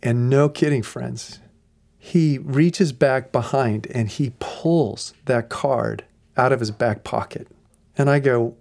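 A man, a pastor, telling a lively story to his listeners, acting out the voices of the people in it and laughing often. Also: mid-range voice, slow, vocal fry. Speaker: pastor of a ministry. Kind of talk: storytelling ministry message.

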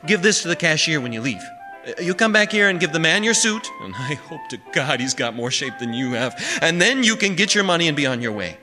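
A man doing a gruff, impatient store boss. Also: fairly high pitch, sing-song, voice pushed up. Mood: brusque. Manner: gruff, exasperated, talks in rapid bursts. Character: brusque harried male store manager, impatient. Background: music.

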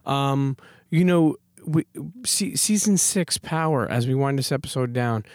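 A man's voice: mid-range voice, a little slow, a little mellow, dry recording, studio quality. A man hosting a podcast interview, loose and talkative, swearing casually and repeating himself. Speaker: podcast host.

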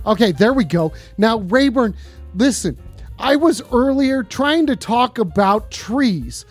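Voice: medium pitch, lively intonation, slow, soft background music. A tipsy streamer in casual chat, goofily reading viewers' questions aloud to a guest.

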